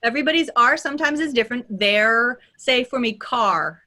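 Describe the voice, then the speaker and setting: A woman with a Californian accent, teaching as a dialect coach and demonstrating sounds in a lively way, often checking in with "right?". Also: on the high side, fairly quick. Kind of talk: teaching pronunciation in a workshop.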